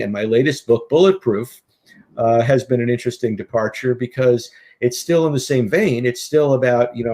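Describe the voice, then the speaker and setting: Middle-aged guy on an interview, mid pitch, chatty storyteller vibe. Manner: animated anecdotal storyteller. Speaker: guest, author and speaker.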